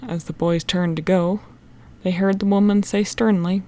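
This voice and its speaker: A woman narrating a children's mystery audiobook in a steady, expressive reading. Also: on the low side, moderate pace.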